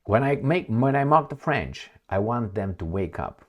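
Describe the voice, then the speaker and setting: A man's voice: lowish voice, normal speed, highs cut off. A man from Romania, hosting a casual political commentary vlog in a sarcastic, rambling way. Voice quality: sarcastic, mocking. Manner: rambling, animated, frequent fillers and laughs.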